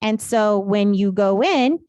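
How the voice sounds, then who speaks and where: A woman's voice: mid-range voice, animated, slow, a little mellow, dry recording, muffled recording. A woman teaching a real estate class in a casual, chatty way, telling stories and laughing often.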